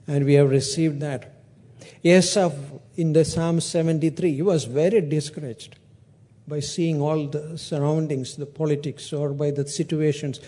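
A man's voice: fairly high pitch, mellow. A man preaching a sermon, retelling a parable with acted-out dialogue and frequent restarts.

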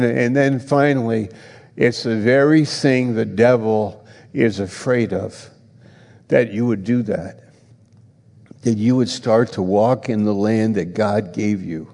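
A man preaching a sermon in a slow, earnest way, rising in pitch for emphasis, and leading a prayer. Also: gravelly, darkish tone, long reverb tail.

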